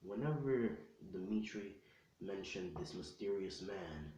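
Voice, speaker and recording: A man voicing a stern, scolding mother with a low, menacing delivery. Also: lively intonation, a little slow, dark tone, roomy sound, distant mic, lo-fi sound, a little hiss or hum.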